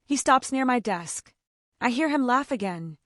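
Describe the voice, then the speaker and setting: Clear, lively woman narrating a learner story. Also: on the high side, no room sound, clean studio sound. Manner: simple short sentences, slow clear delivery. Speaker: narrator of a graded reader story. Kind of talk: scripted first-person story narration for English learners.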